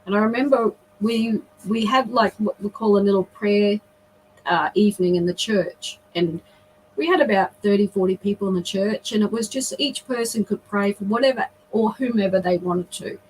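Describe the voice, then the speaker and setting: A woman's voice: medium pitch, moderate pace, a little mellow, slight background noise, low-quality recording. A middle-aged woman, a guest on a video call, earnestly telling a personal story with emotion and frequent restarts.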